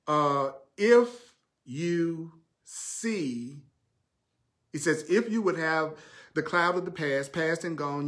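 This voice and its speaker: A man's voice: fairly high pitch, fairly bright tone. A man with a Southern accent giving a livestreamed spiritual teaching, stressing points by repeating phrases and asking his listeners rhetorical questions.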